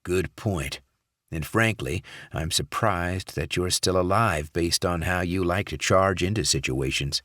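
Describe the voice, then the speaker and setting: A male audiobook narrator voicing a gruff, impatient handler who gives clipped, insistent orders. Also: sits low, a little slow, bright, forceful tone, no room sound, studio quality. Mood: curt. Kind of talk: audiobook character voice.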